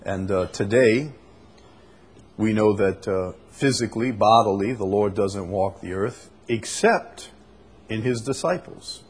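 Husky-voiced man preaching a sermon. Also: on the low side, unhurried. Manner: conversational, with fillers and restarts, reads scripture aloud.

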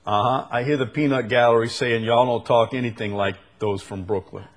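Speaking with a New Orleans accent, a male preacher works through scripture verse by verse, reading and then explaining. His medium-pitched voice keeps a fairly even intonation, though his deliberate manner builds to emphatic bursts.

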